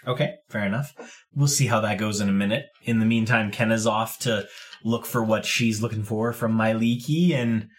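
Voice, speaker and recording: A man's voice: on the low side, moderate pace. A man running a tabletop game as game master, describing scenes in a loose, rambling way with many fillers.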